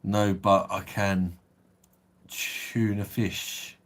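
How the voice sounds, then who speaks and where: A man's voice: deep voice, level tone, very slow, a bit bright. A man with a South East London accent hosting a casual livestream, answering viewer comments with laid-back blokey banter and the odd swear. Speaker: livestream host.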